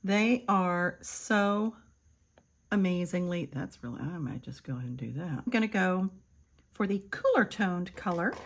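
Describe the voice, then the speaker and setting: An older woman giving a chatty makeup tutorial, calling her viewers "kids" and sometimes dropping to a soft murmur. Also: lowish voice, animated, unhurried. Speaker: beauty vlogger.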